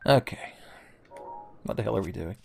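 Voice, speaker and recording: A man's voice: low-pitched, animated, normal speed, creaky, darkish tone. A young man giving casual, joking gameplay commentary, rambling and swearing, with faint game music behind. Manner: joking, profane, rambling, with silly voices. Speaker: let's play commentator.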